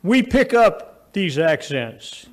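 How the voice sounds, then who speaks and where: A very animated man preaches slowly, telling folksy family stories and swinging between raised, emphatic lines and low, quiet asides.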